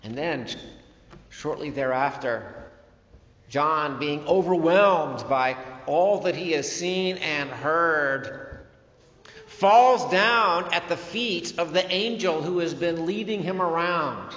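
Pastor, male, high voice, slow deliberate sermon delivery, dull recording in a church sanctuary. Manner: slow, emphatic preaching with swings between loud and soft phrases. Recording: dull, echoey hall recording.

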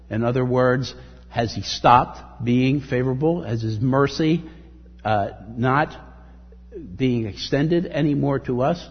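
A man preaching in a long, echoing hall, his voice very husky and breathy. The sound is dull and muffled. He reads scripture with rising emphasis and speaks earnestly between verses. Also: mid-range voice, normal speed. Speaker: pastor. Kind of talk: sermon.

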